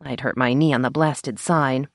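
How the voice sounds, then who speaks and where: A woman's voice: a bass voice, steady tone, moderate pace, no room sound. A woman narrating an audiobook in first person, with a wry storytelling manner, on a close mic. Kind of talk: scripted narration.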